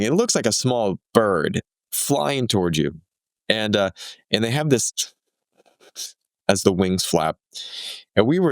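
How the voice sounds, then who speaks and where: Gravelly, animated male storyteller. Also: deep voice, no echo, studio quality. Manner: animated storyteller acting out quotes. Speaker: podcast host. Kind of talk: solo podcast storytelling.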